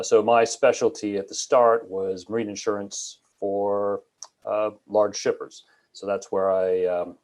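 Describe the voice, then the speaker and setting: Canadian man introducing himself. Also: fairly low pitch. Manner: relaxed, with many fillers. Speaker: insurance broker guest. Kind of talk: self-introduction on a live panel.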